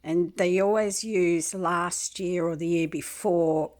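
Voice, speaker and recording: A woman in her sixties, rambling through a complaint to the camera and clearing her throat often. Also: lowish voice, fairly even intonation, slow, a little mellow. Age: 60s.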